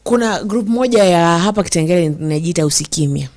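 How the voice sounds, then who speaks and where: A young Kenyan woman with a fairly low, expressive, slightly mellow voice hosts casual commentary, reading out viewer comments. She code-switches between English and Swahili with emotion, slowing down to stress words.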